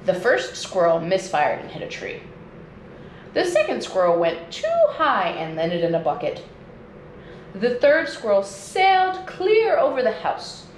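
A woman nature educator reading a children's storybook aloud at home, in a slow and expressive read-aloud manner. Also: mid-range voice. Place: indoors at home. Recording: echoey room with faint noise.

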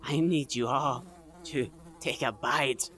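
A man voicing a menacing male clown teacher who talks about himself in the third person, slowly and with deliberate weight, over a headset mic in game chat. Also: medium pitch, fairly bright tone. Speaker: game player.

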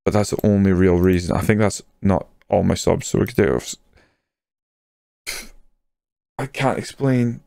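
Excitable man commentating. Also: deep voice, moderate pace, vocal fry, pauses often, no echo, clean studio sound. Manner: excitable, swears when a goal goes in. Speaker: gaming YouTuber. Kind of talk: casual game commentary.

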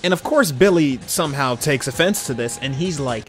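A man's voice: mid-range voice, lively intonation, moderate pace, hardly any pauses, soft background music. A young man giving casual, slangy commentary on a cartoon episode, laughing often. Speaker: video commentator.

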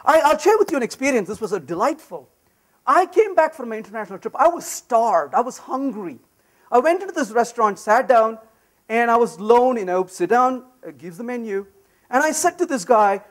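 A man giving a lively conference talk on programming, emphatic and full of anecdotes. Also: very high-pitched, fairly quick. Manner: animated, emphatic, storytelling. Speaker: conference speaker. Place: conference session room.

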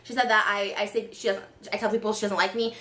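A woman in her thirties venting in an exasperated, animated rant. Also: medium pitch, quick pace, roomy sound. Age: 30s. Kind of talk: emotional rant.

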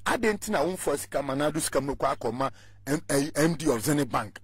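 A man's voice: a little high, animated, a little fast, husky, no room sound. A Ghanaian man speaking as a guest on a radio talk show, arguing his political point with passion and mixing Twi with English.

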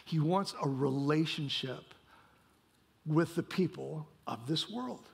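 Man, pastor, sermon in church, husky tone, high voice, rhetorical questions. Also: takes it slowly. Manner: preaching with rhetorical questions and frequent "right?". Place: church sanctuary.

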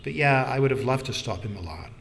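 A chatty young Canadian woman, bright and eager, her lines lifted higher than the narration as a man reads her. The audiobook reading has a faint hiss behind it. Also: lively intonation, brisk, gravelly. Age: 20s.

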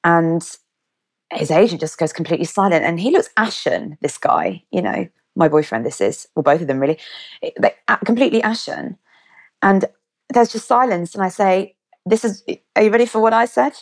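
A woman's voice: fairly low pitch, expressive, moderate pace. A woman in her thirties with an English accent, a podcast guest vividly retelling a personal story and acting out the quotes. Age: 30s. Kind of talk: conversational storytelling.

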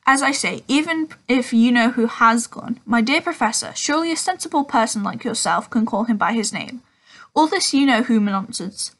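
A woman reading the part of a calm, gentle old male wizard headmaster in a storybook, with small slips. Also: fairly high pitch, normal speed.

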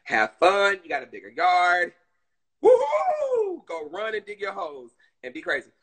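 Man, Southern US accent, live-stream chatter, swooping expressive voice, talks to his viewers. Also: high voice, a little fast, low-quality recording. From Southern United States. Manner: animated and chatty, addressing viewers and reading chat. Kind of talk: casual live-stream chat.

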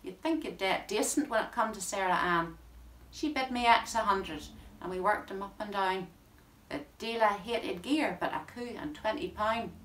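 A woman with a Northern Irish accent, her voice medium-pitched, slightly bright and close to everyday speech, reads a dialect poem at a moderate pace. She speaks in broad rural tones as a rueful, greying bachelor farmer. A distant mic gives the recording a roomy sound.

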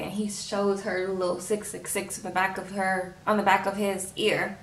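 A chatty woman recaps a TV episode, slipping into the characters' lines as she talks. Her voice sits at an ordinary middle pitch. She is a little distant from the mic, in a room with a noticeable echo. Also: fairly even intonation, moderate pace, hardly any pauses, pushed and bright. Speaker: TV episode reviewer. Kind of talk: casual recap vlog. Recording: roomy echo, a bit off-mic.

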